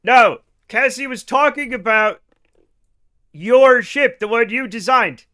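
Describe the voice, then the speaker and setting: Man, game streamer, animated and joking, casual swearing, high voice, bright tone. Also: slow pace. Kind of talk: live gameplay stream chat.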